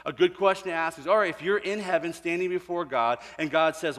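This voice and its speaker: High-voiced man preaching in a reverberant hall. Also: fast. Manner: animated storyteller, voicing people in his anecdotes, swinging from quiet to shouting. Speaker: pastor. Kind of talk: sermon with acted-out stories. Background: congregation.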